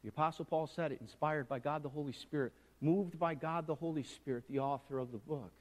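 Man, pastor, sermon, slightly high voice, hushed asides then loud emphatic preaching, long hall reverb. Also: brisk.

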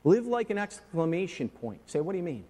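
A man preaching a sermon as pastor, swinging from hushed, slow words to soaring, emphatic ones. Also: high voice, very animated, big-room sound.

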